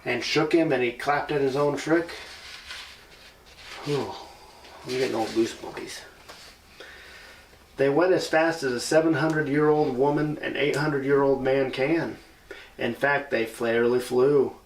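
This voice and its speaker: A man reads a children's storybook aloud in an old house and breaks off now and then for playful asides to his listeners. His voice has an ordinary middle pitch. The sound is roomy and comes from some distance away from the microphone. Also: fairly even intonation, moderate pace, slight background noise. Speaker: paranormal investigator.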